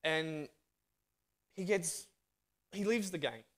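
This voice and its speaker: Australian male speaker, slightly high voice, lively sermon storyteller who acts out dialogue. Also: slow pace. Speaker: guest speaker.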